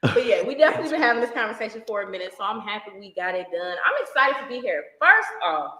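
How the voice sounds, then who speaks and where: A woman's voice: fairly high pitch, animated, racing, pushed and bright. A woman hosting a podcast on location, upbeat and slangy in a casual chat. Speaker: podcast host. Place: creative studio space on location. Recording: roomy echo.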